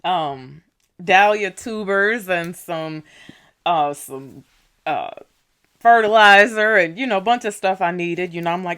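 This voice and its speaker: Unhurried and fairly bright, this woman's voice also has a clean tone. Chatting casually in her vlog, she tells a story full of "you know" and "right?", and she raises her pitch to act out dialogue when she gets riled up.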